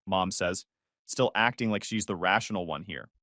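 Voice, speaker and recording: A man tells a first-person family story with tense, charged delivery. His pitch moves a lot, rising and falling through each sentence. The recording is close and dry. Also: big pitch swings, normal speed, sharp tone, no echo. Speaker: narrator.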